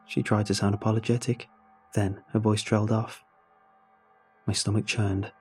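A man narrating a horror story in a measured, suspenseful way. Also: lowish voice, little pitch movement, a little mellow, husky, soft background music.

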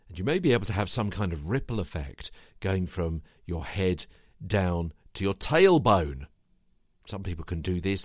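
A man hosting his own podcast, coaching listeners through voice warm-up exercises in a lively, sing-song way. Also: no echo, studio quality. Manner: lively, sing-song delivery with big pitch swings. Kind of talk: solo instructional podcast.

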